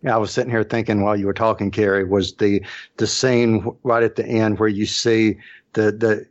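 A man's voice: fairly low pitch, little pitch movement, moderate pace, dull audio. A man co-hosting a podcast in casual chat, thinking aloud with repeats. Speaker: podcast co-host.

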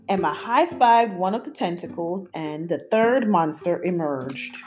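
Woman reading a picture book, slow and lively. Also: lowish voice, soft background music. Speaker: storyteller. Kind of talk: picture-book read-aloud.

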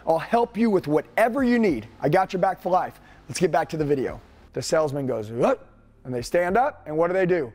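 High-voiced, punchy male sales coach. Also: normal speed. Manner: energetic, punchy, rhetorical questions. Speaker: sales trainer.

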